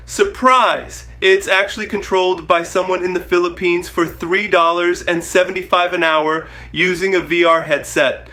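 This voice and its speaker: Male host, fairly high pitch, jokey scripted narration with quick punchlines. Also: level tone, pushed and bright. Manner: wisecracking, punchy jokey delivery.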